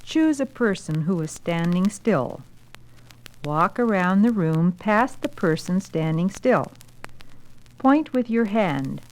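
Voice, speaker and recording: Woman narrating a school film, lowish voice, takes it really slow, step by step instructions. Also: low-quality recording. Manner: calm, deliberate, giving step-by-step instructions.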